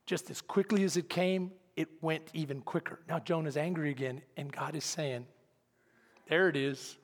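A male pastor preaching a sermon, dramatic, swinging from hushed asides to shouted lines. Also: a little high, fairly even intonation, moderate pace, big-room sound.

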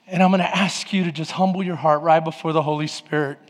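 High, lively male preacher, kinda husky, yelling at peaks, big church reverb. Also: fast talker. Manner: impassioned, shouting peaks, dramatic quoted prayers. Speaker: pastor. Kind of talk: sermon. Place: church sanctuary. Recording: long hall reverb.

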